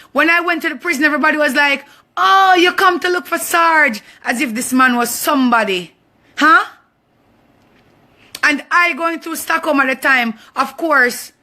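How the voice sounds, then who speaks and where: High, bright, and forceful, this young woman's voice carries a Jamaican accent. As a vlogger, she gives a passionate, confrontational monologue about herself, hammering points home by repeating phrases.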